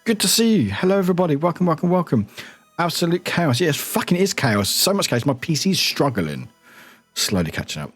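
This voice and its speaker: A man's voice: fairly high pitch, very animated, brisk, slightly rough, faint music behind. A man streaming live, chatting casually and greeting viewers in a chaotic, giggly, self-mocking way, swearing casually.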